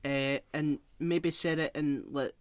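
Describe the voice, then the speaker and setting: A man's voice: a little high, fairly even intonation, slow, clean tone, no room sound. Exasperated ranting young man. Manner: exasperated, sweary ranting, lots of "like". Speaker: podcast co-host. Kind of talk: casual chat.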